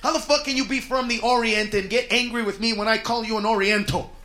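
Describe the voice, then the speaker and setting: High-voiced brash stand-up comic man. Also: fairly even intonation, fast talker. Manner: brash, profane, shouting punchlines. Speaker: stand-up comedian. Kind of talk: stand-up comedy routine. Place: comedy club stage before a live audience. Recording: loud live audience and room noise.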